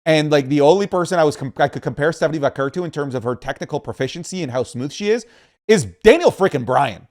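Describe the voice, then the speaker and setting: A man co-hosting a podcast in casual chat, with a fairly high-pitched voice. He is animated and opinionated and often stumbles over his words as he starts sentences again. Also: quick pace. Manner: animated and opinionated, with frequent restarts. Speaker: podcast co-host.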